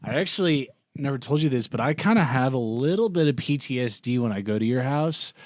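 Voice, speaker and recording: A man's voice: mid-range voice, animated, a little fast, no room sound, studio quality. A young man co-hosting a podcast, chatting casually with a hesitant, confessional manner and lots of fillers. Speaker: podcast co-host. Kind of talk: casual chat.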